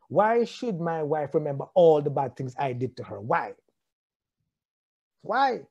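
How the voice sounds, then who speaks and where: Jamaican male preacher, husky and warm, asks the crowd question after question. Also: a little high, dull audio. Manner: rhetorical questions, repeats phrases, chuckles often. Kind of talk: sermon on marriage.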